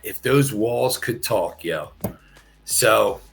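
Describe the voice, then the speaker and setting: Middle-aged man, gravelly bright voice, unhurried, lively pitch, swearing storyteller. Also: soft background music. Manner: animated, profane, laughing, repeats himself. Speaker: podcast guest, former pro wrestler. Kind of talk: casual storytelling.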